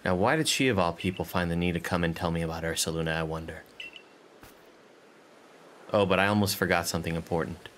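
A man reading a gentle, fussing clan elder's dialogue aloud in a soft, coddling way. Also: deep voice, fast talker, pauses often, a little hiss or hum, pitched below the performer's own voice. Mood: musing. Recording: game music playing under voice.

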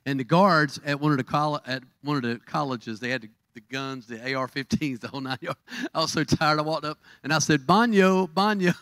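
Southern American pastor, rambling and halting. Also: male voice, fairly high pitch, a bit bright, clean tone, dry recording. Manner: rambling, halting with many fillers. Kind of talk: church service announcements and prayer.

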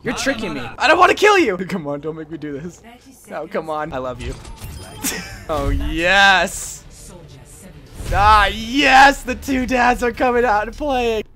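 A young man giving goofy, excitable gameplay commentary into a desk mic, yelling and laughing at his matches. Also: high voice, measured pace, music in the background. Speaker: gaming YouTuber.

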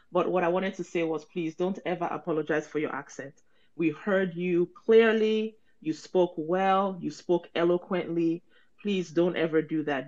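A woman in a casual live audio chat who talks in an emphatic, encouraging way and repeats her point. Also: lowish voice. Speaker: participant. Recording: dull lo-fi audio.

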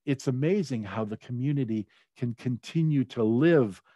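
A man's voice: medium pitch, normal speed, mellow, dry recording. A middle-aged man telling a personal story in a conversational way, with many fillers and restarts. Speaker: speaker at a leadership talk.

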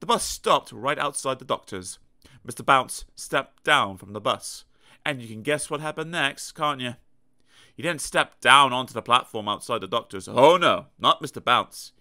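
A man reading a children's storybook aloud in a lively, playful way, with sound effects. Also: mid-range voice, moderate pace. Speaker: audiobook narrator.

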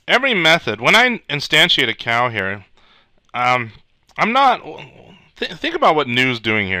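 Bright, crisp man teaching code. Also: fairly low pitch, no room sound. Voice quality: clears throat often. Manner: thinks aloud while typing, casual asides and restarts. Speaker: programming instructor. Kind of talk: screencast coding tutorial.

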